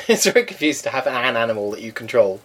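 A man co-hosting a podcast in a studio, talking in a quick, quippy way and laughing easily. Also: medium pitch, big pitch swings, fairly bright tone. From half Welsh. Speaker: podcast co-host. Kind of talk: casual chat.

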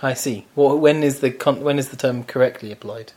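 A man's voice: mid-range voice, fairly even intonation, brisk, dark tone. A man from Britain co-hosting a podcast in casual chat, playful and mock-fussy about words. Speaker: podcast co-host.

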